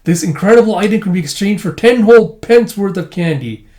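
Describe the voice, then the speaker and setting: A man's voice: high voice, lively intonation, brisk, pitched above the performer's own voice. A man doing an eager bossy little girl. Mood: proud. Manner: bright, proud know-it-all.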